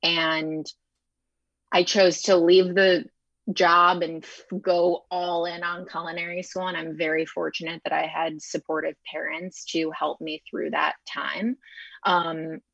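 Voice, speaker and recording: A young woman from Chicago, a chef and TV host, tells her career story as an interview guest. She talks fast and animated, with a fairly low voice for a woman, recorded dry and a little dull. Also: vocal fry, no room sound. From Chicago, United States. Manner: fast, animated, acts out quoted dialogue.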